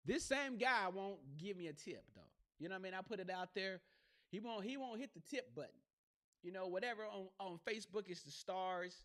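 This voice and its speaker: Man, podcast host, casual rambling, slangy, bright tense voice, headset mic. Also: high-pitched, expressive, brisk. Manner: loose, rambling, slangy, with lots of "you know what I mean". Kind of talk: casual solo podcast talk. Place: home studio with a box light. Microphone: gaming headset.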